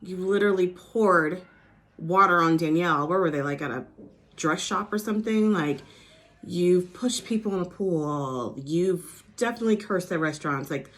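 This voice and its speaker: Woman, casual reality TV recap vlogger, chatty filler-heavy talk, slightly low voice. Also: normal speed. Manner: chatty, animated, full of "like" and "you know"; acts out quotes in a mock New Jersey accent.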